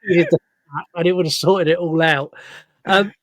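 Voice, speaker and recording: An animated man with a fairly high voice, chatting through a film review and acting out scenes with a laugh. The sound is dry and close, with no room around it. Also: unhurried, dry recording. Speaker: podcast co-host. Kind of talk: casual film review chat.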